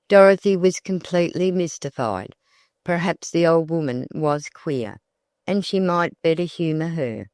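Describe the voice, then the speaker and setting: An audiobook narrator reads a classic novel in a measured, deliberate voice. The pace is unhurried and steady. The recording is close and dry, with no room around it. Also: mid-range voice, dry recording.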